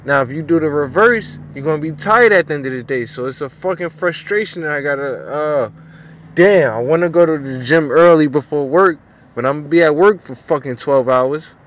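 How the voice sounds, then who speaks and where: A man's voice: fairly high pitch, a little fast, fairly bright tone. A young man venting in a casual vlog monologue, frustrated and profane, repeating himself. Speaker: vlogger.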